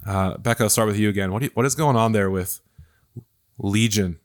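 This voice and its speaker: Guy pastor with a lowish voice running a bible study chat, lots of ums and restarts, kinda thinking out loud. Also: fairly quick. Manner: thoughtful, hesitant, many fillers and restarts. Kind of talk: casual discussion.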